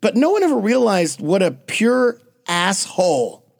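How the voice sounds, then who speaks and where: A man's voice: high-pitched, measured pace, creaky, music in the background. A man co-hosting a comedy podcast, telling crude stories with lots of swearing and laughing at his own jokes. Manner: animated, acts out characters mid-story. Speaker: podcast co-host. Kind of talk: comedic storytelling chat.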